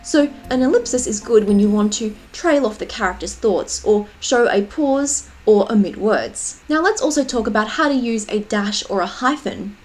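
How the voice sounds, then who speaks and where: A woman's voice: medium pitch, animated, moderate pace, few pauses, darkish tone, faint music behind. A woman giving a writing tutorial, explaining punctuation and reading example sentences aloud with expression. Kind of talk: tutorial narration.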